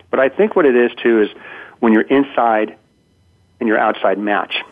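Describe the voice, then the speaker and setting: Heard on a tinny phone line, a man in his fifties talks at normal speed with a medium-pitched voice. He's a storytelling guest in a conversational interview who acts out quotations and keeps stammering and starting over.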